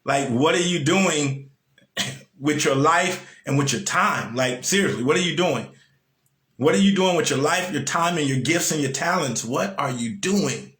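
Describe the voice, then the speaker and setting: A man speaks in a casual motivational style, hammering points home by saying them again and asking his listeners direct questions. His voice sits a bit high for a man. The sound is roomy, with a clear echo around him. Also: unhurried, a bit bright. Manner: conversational, repeats lines for emphasis, asks the listener questions. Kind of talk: casual motivational talk to an online audience.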